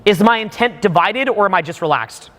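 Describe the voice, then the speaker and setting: High-voiced, profane man coaching a class. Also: animated, brisk, a bit bright, big-room sound. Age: 30s. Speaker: dating coach. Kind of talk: live commentary on video footage for a class.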